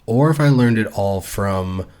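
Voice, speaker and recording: A man's voice: lowish voice, expressive, measured pace, darkish tone, smooth. A man co-hosting a casual book-club podcast, rambling, swearing freely and laughing often. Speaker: podcast co-host.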